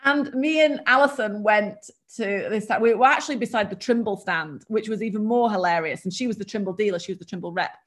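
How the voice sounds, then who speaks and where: A woman with a mild English accent, a guest telling work stories in a chatty, animated way. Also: medium pitch, fast, hardly any pauses. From England. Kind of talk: casual storytelling.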